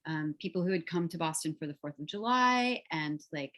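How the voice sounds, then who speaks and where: Woman telling a story, low voice. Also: lively intonation, fairly quick, fairly bright tone. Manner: reflective, vivid storytelling with fillers. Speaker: author guest. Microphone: video call.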